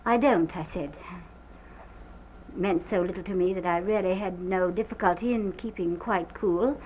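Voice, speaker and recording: Distraught young wife, halting and theatrical, played by an actress, dull hissy 1929 film sound. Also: female voice, on the low side, natural voice. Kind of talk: early sound film drama. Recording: dull lo-fi early film soundtrack with faint hiss.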